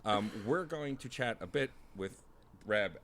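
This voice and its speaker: A man co-hosts a casual podcast in a fairly low voice, upbeat and quick to laugh. He talks loosely with plenty of fillers, over a faint background hiss. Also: lively intonation, a bit bright. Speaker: podcast co-host.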